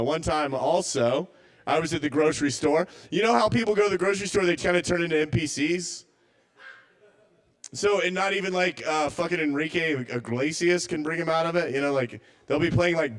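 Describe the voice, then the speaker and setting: A man's voice: fairly high pitch, moderate pace. Stammering man at an open mic. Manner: rambling, self-doubting, stammers and restarts. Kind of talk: stand-up comedy set. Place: small venue, live open mic.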